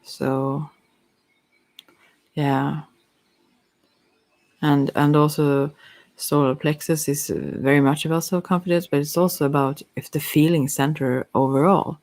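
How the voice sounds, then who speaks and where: A softspoken ASMR psychic with Swedish as a first language, giving a halting, hesitant chakra reading while teary-eyed. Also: medium pitch, fairly even intonation. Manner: halting, hesitant, with many fillers. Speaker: psychic card reader.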